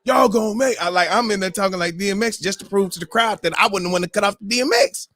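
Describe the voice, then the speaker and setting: A man hosting a morning show, telling a story in a loose, animated way, whooping and mimicking crowd voices. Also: high-pitched, quick pace, dry recording. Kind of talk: casual storytelling.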